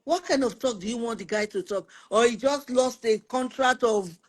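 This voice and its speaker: A lively woman, talking through marriage problems on a Christian family live stream. She speaks in a conversational teaching tone and leans on repetition to drive her points home. She slips readily into the voices of husbands and wives as she gives examples. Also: fairly high pitch, normal speed. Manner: animated, acts out spouses' quoted lines; repeats words for emphasis. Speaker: host of a Christian family talk show.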